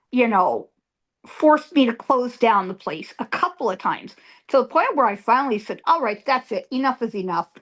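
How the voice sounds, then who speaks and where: Slow-talking, high-voiced woman medium. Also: a bit bright. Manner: emphatic, repeats words for effect. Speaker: psychic medium guest. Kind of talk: storytelling in an interview.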